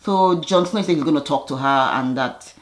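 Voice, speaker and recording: A woman casually retelling a TV episode in a chatty, animated way, slipping into quick impressions of the characters. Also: low voice. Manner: chatty, with frequent restarts and fillers. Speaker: TV episode recapper.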